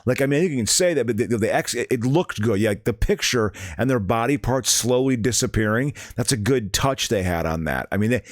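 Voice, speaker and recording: A man's voice: mid-range voice, expressive, brisk, hardly any pauses, no echo, clean studio sound. A man co-hosting a casual podcast, rambling with frequent stammers and restarts. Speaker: podcast co-host. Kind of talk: casual chat.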